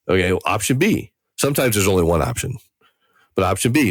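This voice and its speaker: Deep-voiced earnest male interventionist. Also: quick pace, no echo, clean studio sound. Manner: earnest, animated, acts out quoted family members. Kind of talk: conversational interview answer.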